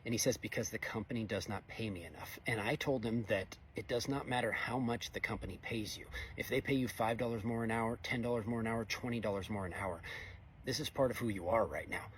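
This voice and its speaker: A middle-aged man delivers a blunt, exasperated monologue, fast and preachy. His voice sits at an ordinary middle pitch. A faint hum of background noise runs underneath. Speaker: fabricator welder. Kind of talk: casual opinion monologue.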